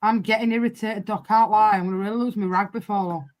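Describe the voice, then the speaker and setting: A Northern English woman hosts a live football watchalong stream. She talks in a loose, blunt way, swears freely and keeps saying "I can't lie." Her voice sits in a middle pitch. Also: fairly even intonation, fast. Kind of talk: casual live-stream chat.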